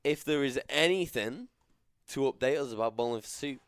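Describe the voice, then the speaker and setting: A man's voice: mid-range voice, moderate pace, no echo, studio quality. A drunk man hosting a casual podcast. He rambles, loses his train of thought and laughs a lot. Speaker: podcast host. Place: home studio.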